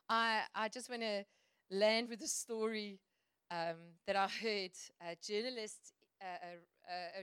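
A woman preaching a sermon to a church congregation, earnest and chatty, and quick to laugh. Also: medium pitch, fairly bright tone, smooth, dry recording, studio quality.

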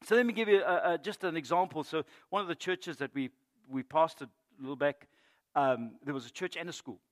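A middle-aged male pastor giving a sermon, moving between loud emphatic preaching and quiet storytelling. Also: fairly high pitch, a little fast. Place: church.

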